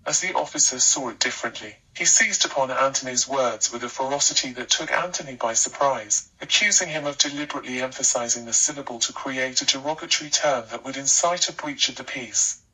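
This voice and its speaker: A man narrating a scripted life story with a steady, even storytelling delivery. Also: mid-range voice, fairly quick, hardly any pauses, husky, recorded from a distance, rough recording.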